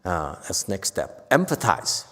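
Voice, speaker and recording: A man giving a casual Buddhist talk to a group, with loud bursts when he acts out quoted lines. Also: low voice, very animated, measured pace, big-room sound. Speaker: Buddhist teacher. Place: temple hall.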